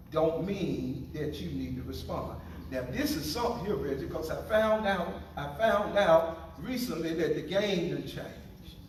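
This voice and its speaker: A man's voice: on the high side, heavy reverb, distant mic, background noise. A man preaching a sermon as pastor, playful and joking with his congregation.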